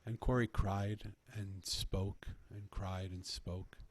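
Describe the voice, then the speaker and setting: A man's voice: fairly low pitch, steady tone, takes it slowly, husky. A man earnestly telling a personal story in conversation, often restarting his phrases. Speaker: podcast guest telling a story.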